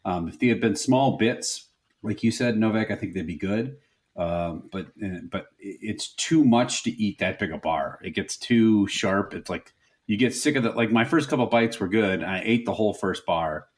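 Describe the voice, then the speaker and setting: A man's voice: lowish voice, normal speed. A young man co-hosting a comedy podcast, rambling and joking in casual chat. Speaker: podcast co-host.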